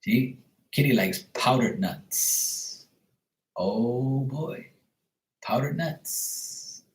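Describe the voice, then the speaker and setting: A man's voice: medium pitch, lively intonation, very slow, reverberant. A man hosting a casual livestream chat, talking in a joking, crude, rambling way. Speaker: livestream host.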